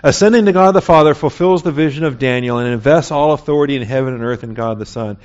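A man's voice: mid-range voice, quick pace, a little mellow. A man teaching a Bible lesson in a conversational way, often checking in with his listeners. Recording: dull lo-fi recording.

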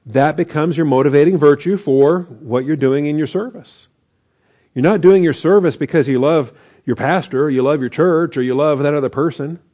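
A man's voice: on the high side, normal speed, dark tone, dull audio. A man preaching a conversational sermon as pastor, with asides and chuckles.

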